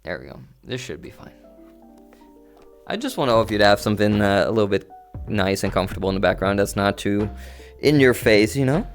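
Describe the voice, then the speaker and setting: A man with a lowish, expressive voice talks briskly but pauses often, livestreaming from his home setup while playing in VR. He chats with his viewers in an easygoing, rambling way, with faint music in the background.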